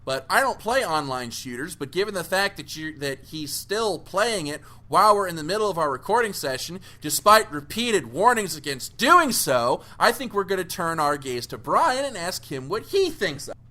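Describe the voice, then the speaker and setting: A man's voice: high-pitched, big pitch swings, normal speed, few pauses, sharp tone. A man hosting a casual panel podcast, reading listener questions aloud with plenty of "uh" fillers. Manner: upbeat, reads listener questions with many fillers. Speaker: podcast host.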